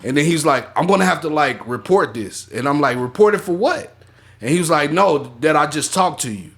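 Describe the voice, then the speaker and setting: A man telling a story in casual chat, animated, laughing and swearing freely. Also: on the high side, fairly quick. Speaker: podcast co-host.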